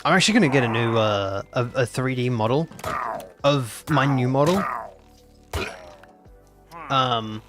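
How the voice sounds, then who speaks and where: A man's voice: medium pitch, animated, a little slow, pauses often, music in the background. A nineteen-year-old man, chatting casually and playfully on a live gaming stream, teasing his chat and repeating phrases in mock outrage. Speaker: VTuber streamer.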